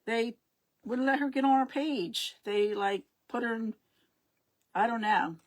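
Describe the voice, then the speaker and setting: A middle-aged woman with a fairly high voice hosts a casual live craft stream at an unhurried pace. She rambles and chats, often losing her words and greeting her viewers.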